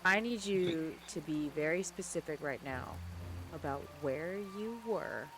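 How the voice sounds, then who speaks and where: A woman playing a tabletop game, answering in character with indignant, quick retorts. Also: low voice, lively intonation, a bit bright, a little hiss or hum. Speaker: player.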